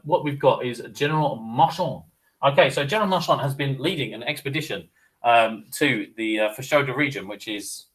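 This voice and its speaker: Male teacher, mid pitch, casual lecture voice that keeps asking "okay?". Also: a bit bright, low-quality recording. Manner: chatty, digressive, addresses viewer with "okay?". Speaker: history teacher. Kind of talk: informal history lesson.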